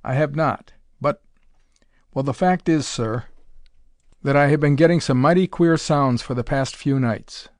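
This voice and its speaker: A man's voice: fairly high pitch, unhurried, darkish tone, no room sound, clean studio sound, lightly acted. A man reading the part of a deferential radio operator who speaks hesitantly, as if reluctant to share his thoughts. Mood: uneasy.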